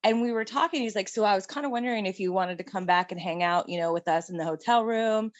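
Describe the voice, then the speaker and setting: A middle-aged woman tells a story with animated energy and frequent laughter. Her voice sits at an ordinary pitch. The sound is dry and close. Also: quick pace, dry recording, muffled recording. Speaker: guest. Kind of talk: casual storytelling chat.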